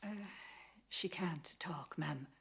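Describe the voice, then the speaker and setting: Older husky housekeeper. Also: female voice, low-pitched, slow, fairly bright tone, exaggerated voice. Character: older Irish housekeeper, polite and eager to please. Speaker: housekeeper in a film.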